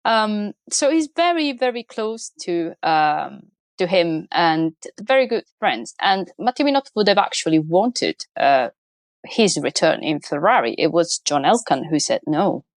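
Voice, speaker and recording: A woman speaking as an interview guest in casual conversation, animated and talkative. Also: lowish voice, a little slow, no echo. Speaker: guest, motorsport columnist.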